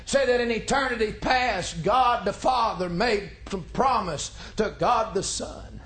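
A male pastor, preaching a folksy, joking sermon that climbs into shouts. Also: extremely high pitch, a little slow. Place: church sanctuary.

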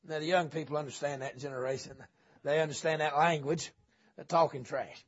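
Husky, high-voiced man preaching a revival sermon in a church. He jokes in low folksy asides and then climbs into shouting. The recording is dull and lo-fi. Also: fairly quick. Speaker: visiting preacher. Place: church sanctuary.

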